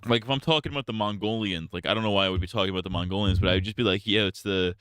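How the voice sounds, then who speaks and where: Young male streamer, low and bright, crisp clean voice, dry close sound, rambling crude jokes. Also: very fast, dry recording. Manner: rambling, crude and joking, with frequent laughs. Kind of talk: casual live-stream commentary.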